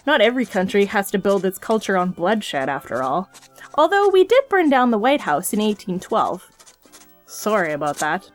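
A woman's voice: medium pitch, very animated, moderate pace, soft background music. Prim woman reading a complaint letter. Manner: prim, politely aggrieved letter-writer tone. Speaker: comedy podcast performer.

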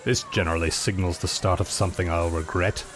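A man's voice: deep voice, steady tone, fairly quick, natural voice. A man playing a weary, sarcastic butler in a comedy radio sketch, formal and dry.

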